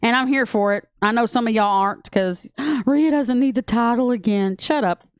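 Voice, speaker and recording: A woman with a Texan accent co-hosting a casual podcast chat, excitable and gushing, laughing often. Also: on the high side, normal speed, clear, resonant tone, dry recording, studio quality. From Texas. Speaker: podcast co-host.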